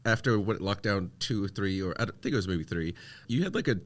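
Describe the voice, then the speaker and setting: A man's voice: on the low side, expressive, a little fast. An American man co-hosting a podcast, telling playful anecdotes and laughing often. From United States. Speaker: podcast co-host. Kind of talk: casual podcast chat.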